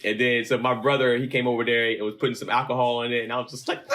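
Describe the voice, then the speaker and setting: A man in his thirties, co-hosting a podcast, telling a story in casual chat, animated and swearing freely. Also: mid-range voice, rapid-fire. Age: 30s. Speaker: podcast co-host.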